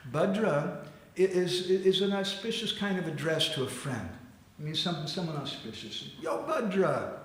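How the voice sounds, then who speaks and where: A man giving a storytelling sermon in a temple hall, animated, acting out quotes and laughing often. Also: fairly high pitch, moderate pace. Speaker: spiritual teacher giving a class.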